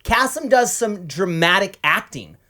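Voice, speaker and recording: A woman's voice: mid-range voice, animated, measured pace, bright, forceful tone. A woman from Idaho co-hosting a podcast in casual chat, playful and rambling, with a lot of "like" between her words. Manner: playful, rambling, heavy use of "like". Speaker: podcast co-host. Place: studio.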